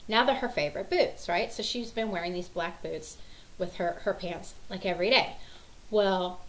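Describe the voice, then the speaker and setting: A woman's voice: lowish voice, normal speed, fairly bright tone, poor audio. Chatty mom rambling through her morning. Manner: rambling, chatty, full of "you know" and "like". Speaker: mother of several children. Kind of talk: casual storytelling to camera.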